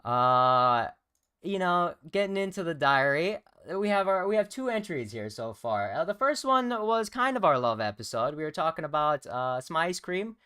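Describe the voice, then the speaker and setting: A man's voice: fairly high pitch, very animated, moderate pace, sharp tone, smooth, no echo, clean studio sound. A young man co-hosting a casual livestream, joking and rambling with lots of fillers. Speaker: co-host.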